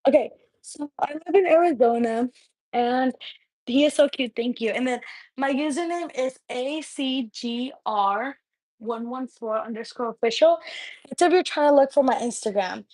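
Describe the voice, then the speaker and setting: A woman's voice: sits high, normal speed, darkish tone, no room sound, rough recording. A young woman and mother chatting casually with viewers on a home livestream, rambling and filling her talk with "like". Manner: rambling and chatty, heavy use of "like". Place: at home indoors.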